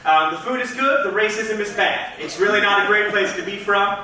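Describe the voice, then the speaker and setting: Man, stand-up comic, bright tone, very roomy club sound, off-mic. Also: high voice, far from the mic. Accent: trained neutral American, Southern accent dropped. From Georgia, USA. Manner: self-deprecating, chatty, quick asides to the crowd. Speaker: stand-up comedian. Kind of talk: stand-up comedy set. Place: comedy club stage. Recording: echoey club heard from off-mic.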